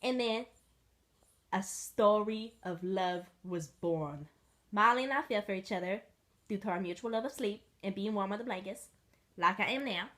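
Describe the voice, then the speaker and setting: A young woman telling a comic story in the first person as her pet dog, rambling, deadpan and profane. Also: medium pitch, normal speed.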